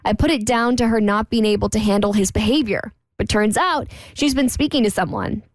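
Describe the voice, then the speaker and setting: A woman co-hosting a radio talk show, reading a listener's letter aloud in a lively, chatty way. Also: mid-range voice, a little fast, dry recording. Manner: lively, chatty, laughs between lines.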